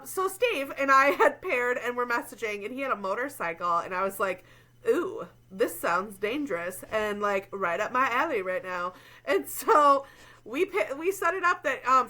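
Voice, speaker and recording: A young woman with a high, bright voice tells a story on a casual podcast. She is animated and laughs often, and her talk is full of fillers. Her pitch swings widely as she goes. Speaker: podcast co-host.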